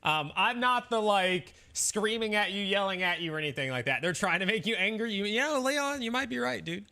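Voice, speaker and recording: Young male streamer, casual and defensive, rambling with fillers; fairly high voice. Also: lively intonation, brisk, gravelly, pushed and bright. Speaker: game streamer. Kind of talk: casual chat with viewers.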